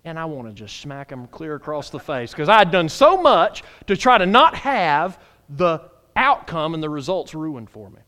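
A man preaching a sermon in a folksy, playful way, swinging from hushed tones to shouts. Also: on the high side, big pitch swings, normal speed. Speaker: pastor.

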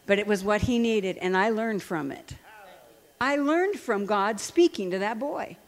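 An older woman preaching in a large hall, her voice trailing into a long reverb. She tells stories animatedly, laughs often, and speaks at a middle pitch. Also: expressive, unhurried. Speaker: Christian speaker and counselor. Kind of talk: sermon with personal stories.

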